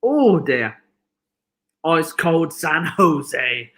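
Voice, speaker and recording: A man with a Birmingham accent hosting a live football watchalong, chatty and excitable, often shouting at the match. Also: on the high side, very slow. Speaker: stream host.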